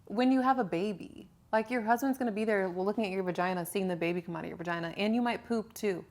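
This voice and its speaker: A young woman co-hosting a casual podcast, telling candid stories with giggles and animated bursts. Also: mid-range voice, fast talker. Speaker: podcast co-host, personal trainer. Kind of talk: casual chat.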